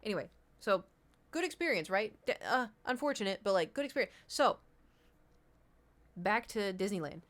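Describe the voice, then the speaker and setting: A young woman chatting to her stream viewers, spinning a rambling story. She acts out the people in it and keeps restarting her sentences. Her voice sits at an ordinary middle pitch. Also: normal speed, pauses often. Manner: animated, acts out quotes of friends, rambling with restarts. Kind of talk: casual storytelling to chat.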